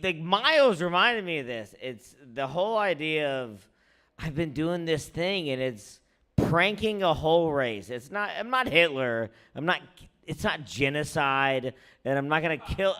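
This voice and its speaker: Animated man hosting stand-up. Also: fairly high pitch. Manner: rambling, animated, quick asides. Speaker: open mic host. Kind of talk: stand-up comedy.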